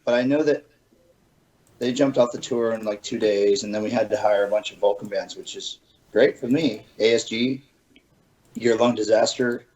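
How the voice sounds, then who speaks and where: A man's voice: lowish voice, fairly even intonation, moderate pace, a little mellow. Man, podcast guest, casual rambling stories, cusses, muffled lo-fi audio. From Florida. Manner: loose, swearing storyteller. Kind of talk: casual chat.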